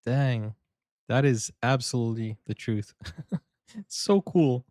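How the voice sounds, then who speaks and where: A man's voice: medium pitch, takes it slowly, heavy background noise. A man hosting a sports reaction video, joking around and laughing often in casual commentary. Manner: joking, laughs often, explains his banter.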